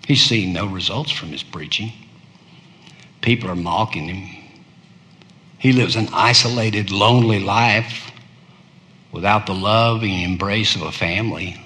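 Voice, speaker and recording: Male preacher, slow and bright, delivering a sermon with big dynamic swings from near-whisper to ringing cries. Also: in a large hall. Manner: dramatic swings from hushed murmur to loud high cries.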